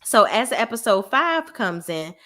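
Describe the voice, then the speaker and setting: A woman's voice: mid-range voice, unhurried. A woman talks through a reality TV episode in a casual, unfiltered vlog. Her voice sits in a middle register, and she is blunt and profane. She jumps into the cast's lines herself. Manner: blunt, profane, animated, acts out quoted lines. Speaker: reality TV reviewer.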